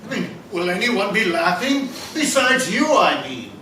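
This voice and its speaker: An actor playing a randy, cheeky sidekick who teases and keeps digressing in a live stage comedy. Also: male voice, sits high, sing-song, measured pace, bright, forceful tone, full character voice. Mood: teasing. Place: small theater stage. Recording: echoey theater from far off, faint hiss.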